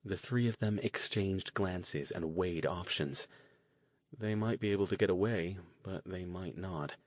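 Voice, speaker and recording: A man narrating an audiobook in a measured, even scripted reading. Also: low voice, dry recording.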